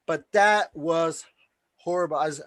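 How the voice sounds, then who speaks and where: A man's voice: a little high, measured pace, no room sound. A man hosting a live stream, casually telling a promoting story with plenty of swearing, acting out the voices of the people he quotes. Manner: excitable, swears freely, acts out quoted dialogue.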